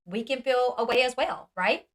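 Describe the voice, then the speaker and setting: A woman's voice: a little high, moderate pace. A woman hosting a commentary vlog, blunt and sarcastic, often mockingly mimicking others. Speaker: commentary channel host.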